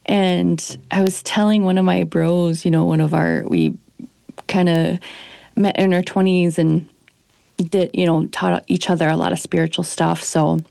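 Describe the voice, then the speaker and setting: Woman, heavy vocal fry, warm dark tone, dry close sound, hesitant rambling. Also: lowish voice, measured pace, dry recording. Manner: rambling, hesitant, many fillers. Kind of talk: casual conversation.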